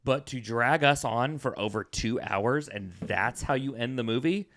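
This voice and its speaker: A man's voice: mid-range voice, unhurried, a bit bright, slight background noise. A man co-hosting a movie podcast, talking casually and ranting with exasperation. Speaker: podcast co-host. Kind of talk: casual movie review chat.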